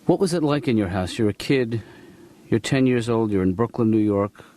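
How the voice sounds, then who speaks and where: A man's voice: fairly low pitch, expressive, moderate pace, close to an everyday voice. A man voicing a mild, hesitant middle-aged psychiatrist in a cartoon. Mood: calm. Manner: hesitant, dry, soft-spoken. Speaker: therapist.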